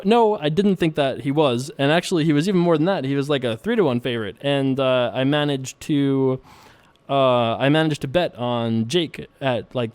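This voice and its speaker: Chatty young man with a smooth voice. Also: mid-range voice, darkish tone. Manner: chatty, laughs often, playful. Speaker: poker video host. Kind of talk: casual poker commentary.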